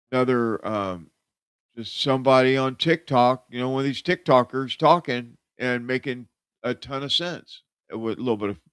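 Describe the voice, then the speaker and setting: On a dry recording, a male host with a clear, resonant mid-range voice rambles through a casual live-show monologue about everyday worries. He speaks conversationally and uses plenty of fillers.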